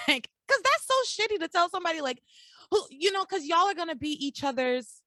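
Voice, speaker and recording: A woman hosts a casual podcast recap with a bright, lively voice that swings high and low. She tells the story animatedly, slips into characters' lines and swears freely. The sound is close and dry. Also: normal speed, no room sound. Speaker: podcast host.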